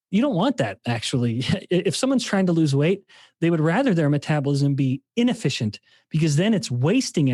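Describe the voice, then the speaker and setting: A man's voice: a little high, darkish tone, no echo, studio quality. A man who is a scientist, talking through ideas in a podcast interview, often restarting his sentences as he thinks. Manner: explanatory, thinks aloud with many restarts. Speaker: scientist and guest.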